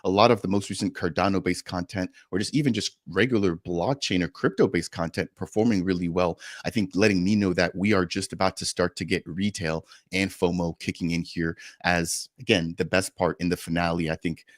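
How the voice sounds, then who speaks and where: A man's voice: low-pitched, steady tone, fairly quick, hardly any pauses, no echo, clean studio sound. A man hosting a crypto livestream, talking conversationally and tagging his sentences with "right?" as he wraps up the show. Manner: conversational, wrapping up with filler tags like "right?". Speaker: livestream host.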